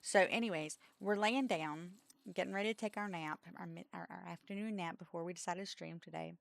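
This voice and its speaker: A woman streamer at home, chatting casually and telling stories that wander, with giggles breaking through. Her voice sits on the low side and sounds dry and close to the mic. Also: a little fast, vocal fry, no echo. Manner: rambling, giggly storytelling. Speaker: streamer co-host.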